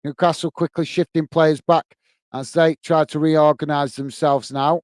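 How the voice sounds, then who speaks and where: A British man with a fairly high, smooth, clear voice runs live fan commentary on a football match. He talks straight to his viewers, calls everyone "mate", and speaks bluntly. The sound is dry and close, with no room around it. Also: fairly even intonation, moderate pace, a little mellow, no room sound. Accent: British English. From England. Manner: calls "mate" often, blunt and chatty, gets openly irritated.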